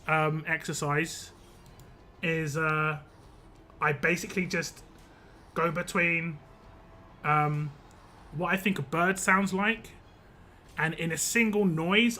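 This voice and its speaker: A man's voice: a little high, bright, forceful tone, slight background noise. A young man streaming a game live, chatting casually with viewers, rambling and laughing often.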